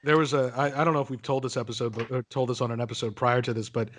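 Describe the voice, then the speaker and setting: A young man co-hosts a podcast, recounting a story and teasing his friends along the way. His voice sits at a middle pitch. The talk is loose and unscripted. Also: flat delivery, racing. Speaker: podcast co-host. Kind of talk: casual chat.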